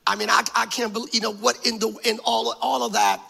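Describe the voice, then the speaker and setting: A man preaching a sermon with passion, repeating phrases, joking in asides and building up to shouts. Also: very high voice, flat delivery, a little fast, gravelly, slightly rough.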